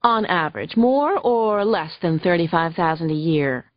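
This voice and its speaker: A woman's voice: on the low side, unhurried, no echo, lo-fi sound, natural voice. A woman voicing a snide, huffy female attorney who fires badgering questions in an audiobook. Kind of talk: audiobook character voice.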